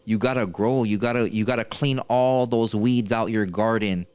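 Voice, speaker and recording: A man in his thirties hosting a podcast, telling a story in casual chat and acting out quotes with a higher voice. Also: steady tone, normal speed, darkish tone, clean tone, no echo. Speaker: podcast host.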